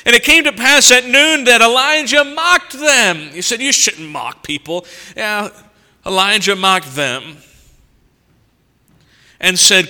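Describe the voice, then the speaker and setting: A man preaching an expository sermon, reading scripture and stopping to comment on it. His voice is high-pitched and smooth, and he moves from forceful emphasis to hushed asides. He sounds like he is in a large church, with a long reverb trailing every phrase. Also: takes it slowly, pauses often. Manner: animated, swings between loud emphasis and quiet asides.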